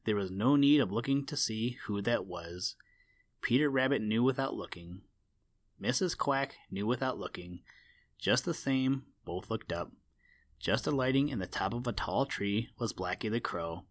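A man reads a children's animal story aloud in a steady storytelling manner. His voice sits on the low side, and the recording is dry and close, with no room sound. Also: a little slow, no echo. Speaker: narrator.

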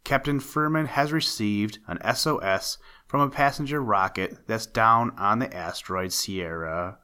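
A man voicing a kind, unselfish father aboard a spaceship, calm and explaining. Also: lowish voice, unhurried, smooth.

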